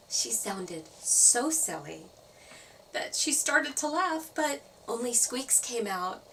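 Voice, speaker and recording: Lively children's storyteller, woman, slightly distant mic. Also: fairly high pitch, normal speed, a little hiss or hum. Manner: expressive, playful sound effects.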